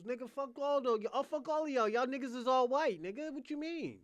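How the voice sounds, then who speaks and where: A man's voice: very high-pitched, expressive, brisk, no room sound. Heated profane man ranting, dry sound. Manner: profane, combative, repetitive; swings between loud outbursts and muttered asides. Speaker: podcast host. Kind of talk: heated livestream rant.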